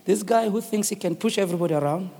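A man preaching a sermon in a South African accent, telling a story and then rising into fervent shouted calls to the congregation. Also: high voice, fast, creaky. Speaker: pastor. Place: church.

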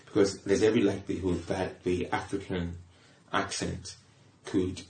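Deep gravelly middle-aged man, roomy sound. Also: little pitch movement, moderate pace, a little mellow. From Britain, born in Liverpool. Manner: reflective, repeats words while thinking. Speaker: comedian guest. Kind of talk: casual conversational interview. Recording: roomy echo.

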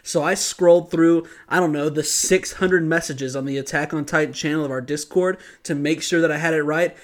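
A man's voice: a little high, fairly even intonation, normal speed. A man co-hosting a podcast, chatting casually as he recaps an episode, joking, laughing often and poking fun at himself. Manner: jokey, laughs often, self-mocking. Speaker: podcast co-host.

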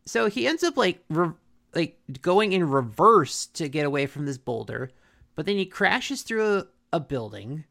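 A man's voice: a little high, unhurried, gravelly. A man co-hosting a podcast, recapping a cartoon episode in a casual chat and acting out lines from it. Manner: animated, acts out quotes from the episode.

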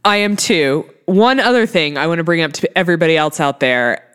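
A woman's voice: low-pitched, fairly quick, a bit bright, clear, resonant tone. A woman in her thirties co-hosting a podcast, agreeable and casual, often trailing into fillers. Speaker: podcast co-host. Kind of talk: casual chat about reality TV.

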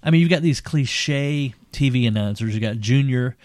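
A man co-hosting a podcast, chatting casually about an old cult film, rambling and animated and laughing often. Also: medium pitch, moderate pace, no echo, clean studio sound. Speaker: podcast co-host.

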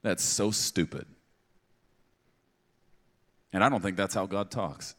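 A very low-voiced man preaches to a congregation, talking like he's chatting with them but hitting his points hard and tossing in playful asides. His voice rings out with a long reverb, the sound of a big church auditorium. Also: takes it slowly, a bit bright. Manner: conversational and emphatic, with playful asides. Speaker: pastor. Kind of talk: sermon.

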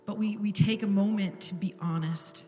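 A woman's voice: medium pitch, fairly even intonation, normal speed, mellow, echoey room, in a large hall, faint music behind. A woman pastor giving an earnest, intimate sermon in a church, at times dropping to a whisper. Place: church sanctuary.

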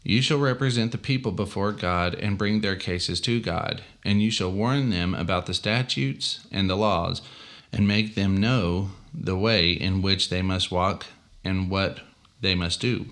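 Deep-voiced man reading with dry asides. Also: measured pace, a bit bright. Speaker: podcast co-host. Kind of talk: casual faith chat, scripture reading.

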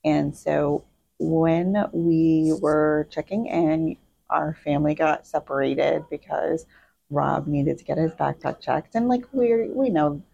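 Low gravelly woman telling a lively story. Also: slow, muffled recording. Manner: animated storytelling, acting out quoted people. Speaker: podcast co-host. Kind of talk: casual chat. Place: hotel balcony outdoors.

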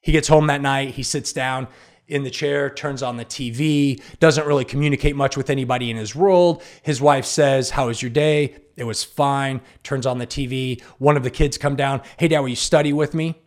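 A man hosting a motivational talk, telling stories with animated delivery and acting out the inner voices that argue in a person's head. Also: medium pitch, normal speed. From Kansas City area, United States. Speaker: podcast host. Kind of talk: motivational monologue.

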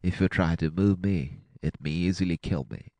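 A man voicing a gravely wounded middle-aged man in a storybook reading, speaking faintly and with effort. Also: deep voice, moderate pace, darkish tone, dry recording. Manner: faint, labored speech.

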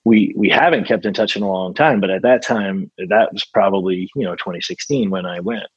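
A man with a husky, fairly low voice chats loosely as a songwriter guest, full of fillers and restarts. The recording is dry and close, with no room sound. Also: brisk, no echo, highs cut off. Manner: rambling, with many fillers and restarts. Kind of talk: casual interview conversation.

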